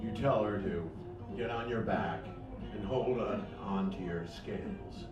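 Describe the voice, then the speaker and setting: A man telling a second-person fantasy story at a cafe open mic. He talks slowly and dramatically, swinging between hushed and loud. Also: on the low side. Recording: echoey room, far mic, dull, music behind.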